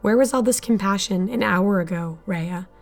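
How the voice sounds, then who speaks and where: A woman's voice: medium pitch, normal speed, creaky, faint music behind, lightly acted. A woman voicing a desperate, defiant young woman who speaks in an urgent, pleading way in an audio drama.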